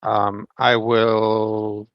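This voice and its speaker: Low-ish voiced guy at a tabletop game, halting, lots of ums, dry sound. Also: monotone, no echo, highs cut off. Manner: hesitant, halting, with fillers. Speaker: player.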